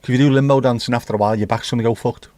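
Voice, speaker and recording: Bloke rambling and cracking jokes on his stream, mid-pitched voice, dry close sound. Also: fairly even intonation, rapid-fire, a little mellow, dry recording. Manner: jokey, rambling, sings snatches of songs. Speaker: livestream host. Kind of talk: casual chat reading viewer comments.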